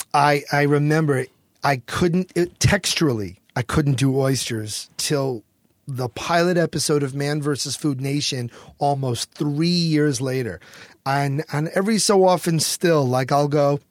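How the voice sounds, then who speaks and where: A middle-aged American man telling a story as a guest in an interview, animated and quick to act out what others said. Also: a little high, no echo, studio quality. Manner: animated storyteller, acts out quotes, swears freely.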